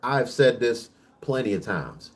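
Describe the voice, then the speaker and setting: A man's voice: medium pitch, expressive. Profane, preachy man ranting on camera. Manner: rapid bursts with frequent restarts. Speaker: vlog host. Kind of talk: casual monologue rant.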